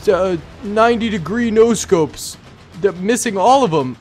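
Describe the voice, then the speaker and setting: A young man giving excitable let's-play commentary, yelping and laughing often. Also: high-pitched, normal speed, soft background music. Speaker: gaming YouTuber.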